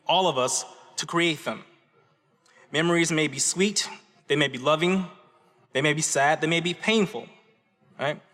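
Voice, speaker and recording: This Michigan man's voice is fairly high, bright and forceful as he delivers a graduate convocation address at a podium. The graduate student speaker earnestly recounts a story with occasional "right?" asides to listeners, while the large auditorium adds an echoey reverb.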